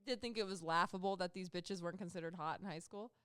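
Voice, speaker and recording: Smooth-voiced, wry woman podcast host. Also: fairly low pitch, quick pace, fairly bright tone, no echo. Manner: chatty, wry, laughs often. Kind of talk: casual chat.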